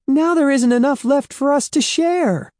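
A man reading aloud and voicing a young girl who speaks in a high, excited, protesting way in a storybook. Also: moderate pace, dry recording, clean studio sound, natural voice. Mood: dismayed. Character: young girl, eager and defensive.

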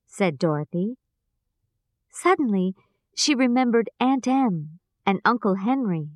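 A woman's voice: mid-range voice, expressive, slow pace, no room sound. A woman reading a children's story aloud carefully, as a storyteller. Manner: careful, clearly paced for learners.

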